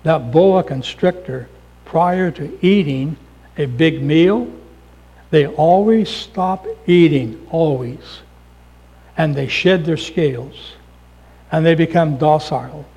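Preacher doing a calm vet guy, hushed and slow, dead serious. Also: on the high side, slightly rough, in a large hall, exaggerated voice, rough recording. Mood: grave. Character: calm male veterinarian, grave and measured.

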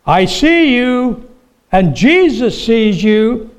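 A man voicing a shrill pet parrot that repeats the same phrase slowly and drawn out. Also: sing-song, clean tone, exaggerated voice. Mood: eerie. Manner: slow, drawn-out squawking repetition.

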